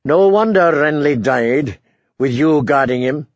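Guy doing a sardonic wounded knight, gravelly, proud and bitter, dull dry audio. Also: fairly high pitch, animated, unhurried, no echo. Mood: mocking. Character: bitter maimed male knight, proud and mocking.

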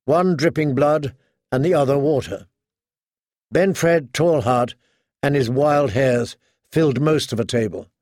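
A man narrating an audiobook in a slow, measured and somber storytelling voice. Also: medium pitch, a little mellow, no room sound, studio quality. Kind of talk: scripted narration.

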